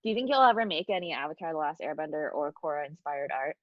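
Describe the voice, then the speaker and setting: Low-voiced woman host on dull dry audio. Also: expressive, fast, no room sound. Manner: chatty, filler-heavy. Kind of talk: casual video-call interview. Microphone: video call.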